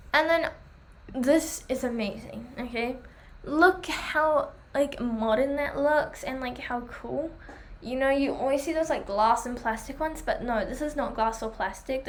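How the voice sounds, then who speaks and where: Young woman, high voice, chatty and gushing, lots of "like", voice giving out, bit of hiss behind. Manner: chatty, filler-heavy, enthusiastic. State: losing her voice. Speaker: vlogger reviewing pet products. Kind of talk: casual chat.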